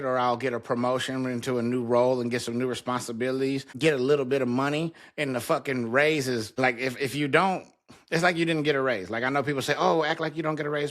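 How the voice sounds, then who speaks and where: A man's voice: medium pitch, a bit bright. A man in his thirties or forties hosting a casual solo podcast, venting frankly and with heavy swearing, recorded alone in his home basement while talking to a camera. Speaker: podcast host.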